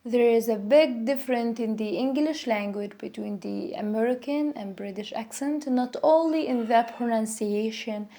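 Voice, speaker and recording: A woman who is a native Arabic speaker, teaching an English pronunciation lesson and repeating example words slowly to demonstrate sounds. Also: a little high, mellow. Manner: slow, repetitive, demonstrating sounds.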